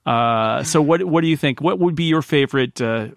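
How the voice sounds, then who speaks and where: A man's voice: on the high side, normal speed, creaky, no room sound, studio quality. A man co-hosting a casual podcast, chatty and laughing often as he reads listener mail. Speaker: podcast co-host.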